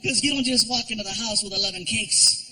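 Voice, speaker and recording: A man doing an animated stand-up comedy routine on a theater stage, telling stories with lots of voices. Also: high-pitched, quick pace, poor audio. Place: large theater.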